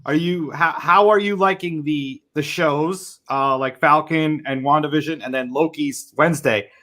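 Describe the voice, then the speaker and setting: Bright-voiced male host. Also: fairly high pitch, moderate pace. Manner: brief interjections and prompting questions. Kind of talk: casual chat.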